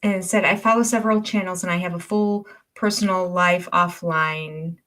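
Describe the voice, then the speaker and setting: A woman's voice: lowish voice, fairly even intonation, normal speed. An older woman hosting a casual livestream, reading viewer comments aloud and often laughing as she goes. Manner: chatty, warm-hearted and easily amused.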